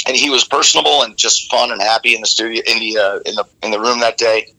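Man, gravelly voice, very bright tone, rock singer interviewed, rambling animated storytelling. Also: medium pitch, fast talker, poor audio. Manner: rambling and animated, with many restarts.

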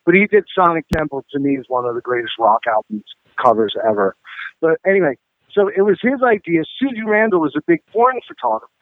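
A man's voice: on the high side, lively intonation, quick pace, no echo. A man, a rock musician as guest, telling rambling, profane stories full of fillers in a casual interview. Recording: tinny phone-line audio.

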